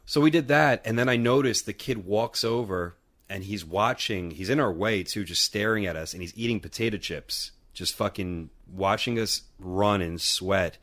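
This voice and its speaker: Super deep voice guy, podcast host rambling on, swears a lot. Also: normal speed, fairly bright tone. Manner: profane, rambling storyteller. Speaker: podcast co-host and wrestling trainer. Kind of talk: casual chat.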